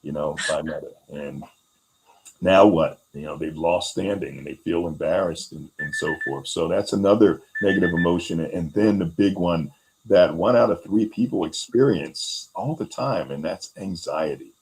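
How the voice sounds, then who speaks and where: A man with a very low voice talks a guest through ideas about resilience. He keeps it casual, with plenty of fillers, and he briefly acts out little quotes as he goes. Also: normal speed, darkish tone, poor audio. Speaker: host. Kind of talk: explaining resilience skills in a conversation.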